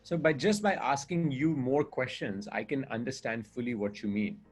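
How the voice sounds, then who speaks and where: Husky man coaching in conversation. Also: medium pitch, normal speed, soft background music. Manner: earnest, explaining with examples and rhetorical questions. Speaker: communication coach.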